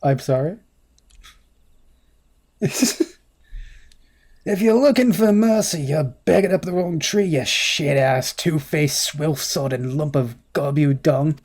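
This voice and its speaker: A gamer voicing a gruff, foul-mouthed tavern keeper in a fantasy game, drawling insults in a put-on pirate-like accent. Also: medium pitch, a little slow, dark tone. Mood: mocking. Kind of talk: voice-acted game dialogue reading.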